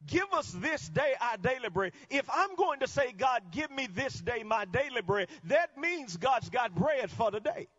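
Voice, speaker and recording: A male guest preacher delivering a sermon, swinging between quiet teaching and shouted climaxes. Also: very high voice, big pitch swings, unhurried, few pauses, dull audio.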